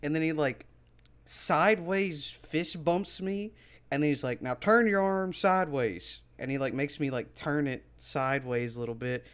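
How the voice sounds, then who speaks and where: A man's voice: a little high, fairly even intonation, normal speed, clean tone. A young man co-hosting a podcast, telling a story casually with lots of swearing and laughter. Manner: laid-back, profane, laughs often. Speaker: podcast co-host.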